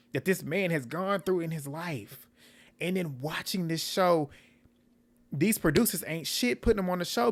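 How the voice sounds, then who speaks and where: A man recapping a reality dating show in casual, blunt commentary, swearing and laughing often. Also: a little high.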